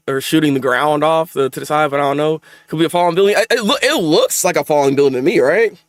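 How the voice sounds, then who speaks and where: A man hosting a live manga reaction, excitable and exasperated, with frequent restarts and repeated words. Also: on the high side, dry recording, studio quality. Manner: excitable, exasperated, talks fast with many restarts.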